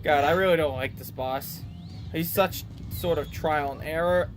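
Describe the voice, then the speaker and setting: A young man playing a video game and chatting casually, reacting out loud to the game. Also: a little high, normal speed. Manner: lively, reacts to the game, laughs easily. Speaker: gameplay co-host playing the game. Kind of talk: casual chat while playing. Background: faint game music.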